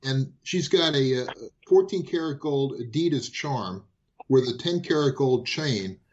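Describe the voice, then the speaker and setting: A man telling hobby stories in casual chat, lively and full of restarts. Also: mid-range voice, unhurried, highs cut off, a little hiss or hum. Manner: animated, repeats and restarts phrases. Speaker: guest. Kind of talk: casual storytelling.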